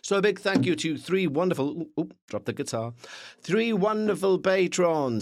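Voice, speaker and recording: A man's voice: sits high, animated, normal speed, no echo. Chatty man with a dry sound. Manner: chatty, self-mocking, playful asides. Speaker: podcast host. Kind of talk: casual rambling monologue. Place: small windowless carpeted room.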